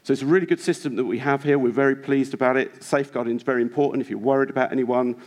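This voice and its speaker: A male preacher delivers a sermon in a church with a mid-range voice. He talks earnestly and urges his listeners on, often pausing on rhetorical questions to the congregation. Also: medium pitch, steady tone, a little mellow. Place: church hall.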